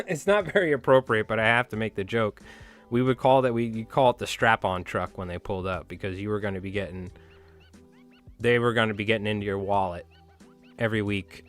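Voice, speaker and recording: Rambling, low-voiced male livestream host. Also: a little fast, pauses often, faint music behind. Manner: rambling, swearing, chatty, talks to viewers. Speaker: fly tying livestream host. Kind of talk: casual livestream chat while tying.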